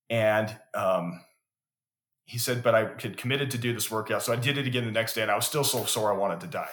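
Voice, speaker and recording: A man's voice: fairly low pitch, quick pace, fairly bright tone. A man talking as a podcast guest, telling stories in an earnest way and often repeating words as he builds to a point. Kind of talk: conversational storytelling. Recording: roomy echo.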